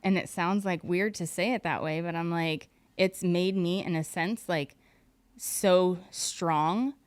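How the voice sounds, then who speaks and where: A woman in her thirties speaks candidly as a podcast guest, her voice lowish and smooth. She talks in a chatty, personal way, full of "like", and the sound is close and dry. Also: fairly even intonation, no room sound. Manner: candid, fast talking, uses "like" often. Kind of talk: emotional personal story.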